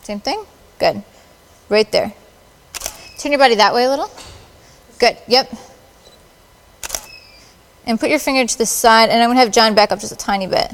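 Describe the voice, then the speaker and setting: A woman's voice: on the high side, moderate pace, long pauses, big-room sound, a little hiss or hum. A woman photographer directing models at a live shoot, with playful, encouraging directions. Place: large studio with audience.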